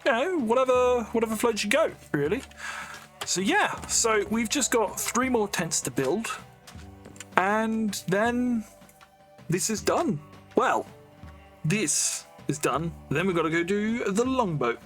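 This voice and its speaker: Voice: medium pitch, animated, measured pace, soft background music. A YouTuber with an English accent gives casual, rambling gameplay commentary at home, full of fillers and self-mocking asides. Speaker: Minecraft YouTuber. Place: home room with a fan running.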